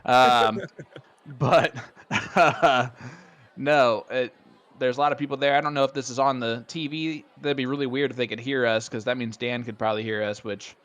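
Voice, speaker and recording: A man with a Hoosier accent calls a darts match live, chatty and quick to laugh. His commentary is loose and excitable, with a playful edge. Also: mid-range voice. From Indiana.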